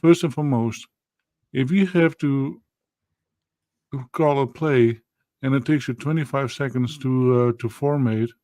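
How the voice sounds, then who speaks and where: A man's voice: medium pitch, unhurried, pauses often, warm tone, no room sound. Earnest man breaking down a game. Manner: earnest, lists points, frequent restarts. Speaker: podcast co-host. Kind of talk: casual sports analysis.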